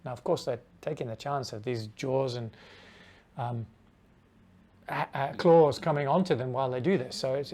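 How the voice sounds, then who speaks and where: A middle-aged man telling a travel story in a relaxed, conversational way. His voice sits at an ordinary mid pitch, and he drops to a near whisper whenever he acts out the dialogue. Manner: animated anecdotal telling, acts out dialogue in hushed asides. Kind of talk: casual storytelling.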